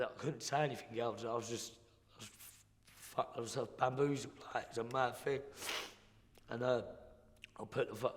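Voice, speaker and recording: A young man tells his story bluntly, in slang, often stopping and restarting. His voice sits at an ordinary middle pitch. The sound rings with a long reverb, like a big hall. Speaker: guest. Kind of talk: casual storytelling.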